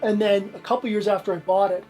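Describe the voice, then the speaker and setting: A man's voice: high voice, steady tone, fast talker, dark tone, soft background music, low-quality recording. Rambling man giving a tour. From Canada. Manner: rambling, lots of "like" and restarts. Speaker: museum owner giving a tour. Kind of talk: casual storytelling tour.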